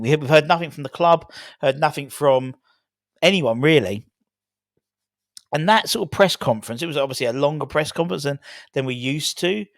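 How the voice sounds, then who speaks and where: A man's voice: on the high side, dry recording, studio quality. A middle-aged man hosting a football fan channel, talking casually and rambling with lots of fillers and restarts. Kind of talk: casual solo video chat.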